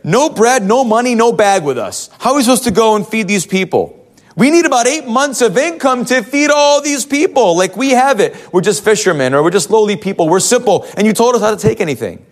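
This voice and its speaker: A man's voice: high voice, expressive, fairly quick. A male preacher voicing Jesus's worried disciples, protesting with exasperated, pleading questions.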